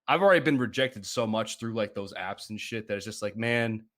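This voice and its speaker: A man speaking candidly and haltingly on a podcast about his own confidence. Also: on the low side, a bit bright. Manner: candid, halting, self-deprecating. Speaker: podcast guest. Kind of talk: casual podcast chat.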